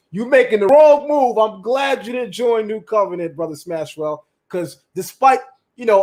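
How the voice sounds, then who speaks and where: High-voiced man hosting a casual livestream. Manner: animated, talks straight to chat and viewers, repeats lines for emphasis. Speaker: livestream host.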